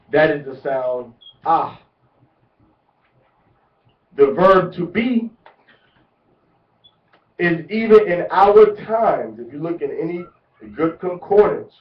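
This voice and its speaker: Slow-speaking man lecturing in an echoey room. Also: a little high. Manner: deliberate, repeats words for emphasis. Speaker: religious teacher. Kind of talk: instructional lecture. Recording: echoey, distant, muffled lo-fi.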